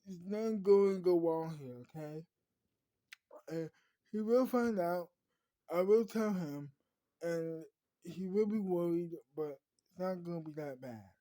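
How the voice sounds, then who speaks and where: Woman doing Jackie, calm and reassuring. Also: fairly low pitch, measured pace, pauses often, no echo, close to an everyday voice. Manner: soothing, repeats reassurances.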